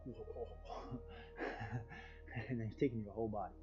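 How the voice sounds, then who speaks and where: A man teaching a guided yoga class over a livestream, with calm, soothing, drawn-out cues and sighs of relief. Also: fairly low pitch, lo-fi sound, soft background music.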